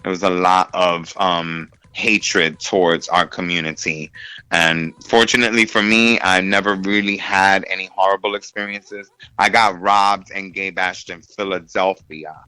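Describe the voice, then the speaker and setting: A middle-aged man from New City, telling stories in a campy, animated casual chat full of "honey" and "darling.". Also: deep voice, unhurried, smooth, no echo, low-quality recording. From New York City.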